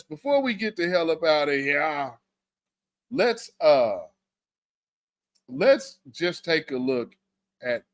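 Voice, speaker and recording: A man's voice: a little high, no room sound. A man hosting a livestream, talking to his viewers with an emphatic, preacherly cadence. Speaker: livestream host. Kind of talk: livestream commentary.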